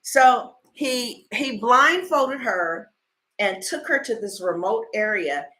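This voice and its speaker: A woman tarot reader in a casual livestream, telling stories in an animated, blunt way and swearing freely. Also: fairly high pitch, slow.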